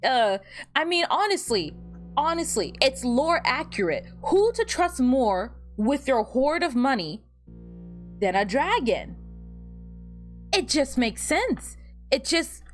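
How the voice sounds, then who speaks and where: Young woman, livestream chatter, giggly, rambling, higher voice, bouncy lively pitch, faint music behind. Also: slow pace. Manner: animated and giggly, often laughing at her own jokes; rambling, repeats words while fiddling with her setup. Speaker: VTuber streamer. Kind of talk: casual livestream chat.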